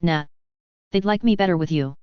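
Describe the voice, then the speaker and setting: A woman puts on a young wizard speaking old slang in a deeper, drawling voice with a thick, old-fashioned accent. The voice is very clear but lo-fi and dull. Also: moderate pace, no echo, lightly acted. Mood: playful. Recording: dull lo-fi recording.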